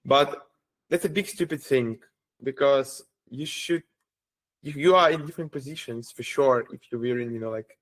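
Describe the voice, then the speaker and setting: Reflective male podcast host, mid-pitched. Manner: reflective, halting, with many "you know, like" fillers. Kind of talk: casual podcast conversation.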